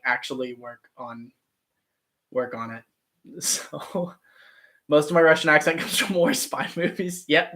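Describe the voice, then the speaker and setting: A man's voice: a little high, fairly bright tone. A man, a professional actor, chatting casually on a livestream, answering viewers and poking fun at himself. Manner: chatty, self-deprecating, reads and answers chat. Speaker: actor and streamer.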